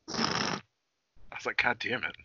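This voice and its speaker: A man's voice: slow, bright, forceful tone, slight background noise. A man co-hosting a podcast in casual, profane banter. He jokes a lot and often trails off mid-sentence. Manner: profane, joking, trails off and restarts. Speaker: podcast co-host. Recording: dull lo-fi dry sound.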